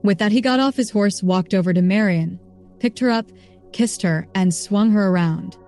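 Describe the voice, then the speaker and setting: A woman narrating a story in an even, steady reading voice. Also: mid-range voice, normal speed, faint music behind. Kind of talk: scripted narration.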